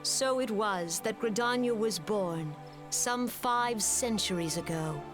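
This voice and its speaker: An actress playing a solemn woman elder in a video game, recounting her nation's history in a slow, stately way. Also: mid-range voice, lightly acted. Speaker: game character. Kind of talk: scripted game voice acting. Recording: game audio with music. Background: music.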